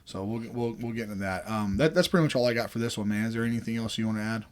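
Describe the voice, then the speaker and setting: A man's voice: fairly low pitch, racing. Laid-back Southern man chatting. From American South. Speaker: podcast host. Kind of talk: casual chat.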